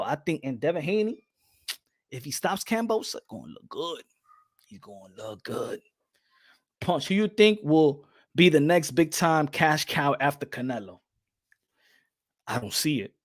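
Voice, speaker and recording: A man with a fairly high voice chats loosely as a boxing show host. He is animated, laughs often and mixes into his English. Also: dry recording, clean studio sound. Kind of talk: casual chat reading comments.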